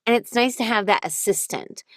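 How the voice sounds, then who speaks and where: A woman's voice: a little high, fairly quick, no echo. Give me a dry, close-miked woman voice actor explaining her craft. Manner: thoughtful, explains at length with many restarts. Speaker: voice actor and audiobook narrator guest. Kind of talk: casual interview chat.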